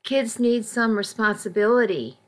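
A woman's voice: on the high side, normal speed, natural voice. A woman voicing a defensive, angry woman who drinks too much, in an audiobook, bitter and defiant. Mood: defiant, furious. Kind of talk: audiobook reading.

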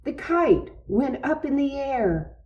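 A woman reads a children's story aloud in a gentle, deliberate way. She goes very slowly, and the recording sounds dull and lo-fi. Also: high-pitched, big pitch swings.

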